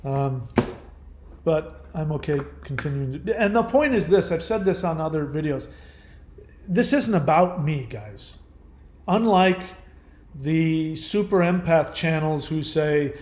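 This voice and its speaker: An older man with a somewhat high voice delivers blunt, profane advice to his viewers, firing off rhetorical questions. He drifts into halting restarts when he muses. The recording has a roomy echo. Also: darkish tone. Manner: trails off and restarts often when musing. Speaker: channel host answering viewer questions. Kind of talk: casual advice monologue.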